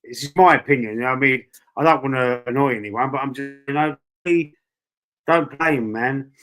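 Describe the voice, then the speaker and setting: A man's voice: medium pitch, fairly quick, fairly bright tone. A Cockney man hosting a fan chat stream, talking bluntly, swearing and repeating himself as he argues his points. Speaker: football fan channel host. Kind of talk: casual live-stream chat.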